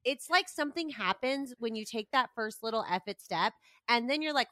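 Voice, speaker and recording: A bright, forceful woman co-hosts a podcast, reacting with big emphatic enthusiasm and dropping swear words without a second thought. Her voice sits a little high and comes through dry and close, with no room sound around it. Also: animated, normal speed, dry recording. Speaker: podcast co-host. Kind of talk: casual interview chat.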